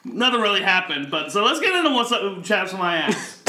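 A man co-hosting a podcast in casual chat, ranting in a profane, animated way. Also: high voice, a little fast, reverberant. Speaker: podcast co-host.

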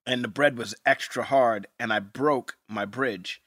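A man's voice: mid-range voice, measured pace, a bit bright, no room sound, clean studio sound. A middle-aged man co-hosting a podcast, chatting loosely and profanely and laughing often. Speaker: podcast co-host. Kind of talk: casual rewatch chat.

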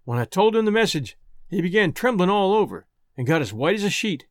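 A man's voice: high voice, very animated, fairly quick, dry recording, clean studio sound. A man narrating a first-person storybook tale in folksy, rustic dialect. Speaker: audiobook narrator.

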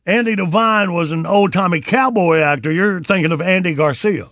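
A man's voice: high voice, moderate pace, fairly bright tone, dry recording. A man hosting a morning radio show who plays the dry straight man and corrects his guest.

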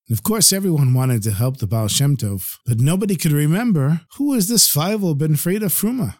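A man telling a traditional tale as a podcast storyteller, in an expressive, lively way. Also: on the high side, a little fast, hardly any pauses, no echo, studio quality.

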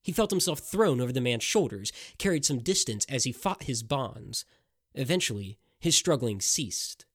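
A man narrating a dramatic historical tale in an expressive storytelling manner. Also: mid-range voice, moderate pace, slightly rough.

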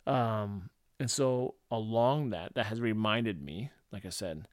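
A man's voice: lowish voice, takes it slowly, no room sound, studio quality. A man from St. Louis hosting a casual solo podcast, talking loosely with many fillers and acting out quotes. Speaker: podcast host.

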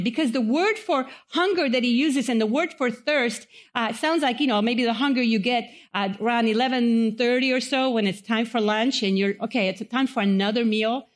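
Woman preacher, slightly high voice, chatty sermon delivery with questions to the congregation. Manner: conversational, asks the audience questions, acts out quotes. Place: chapel.

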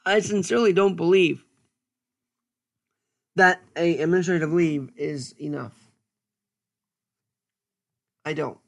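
A man giving an earnest, stern solo commentary as a podcast host, speaking deliberately with pauses. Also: on the high side, gravelly.

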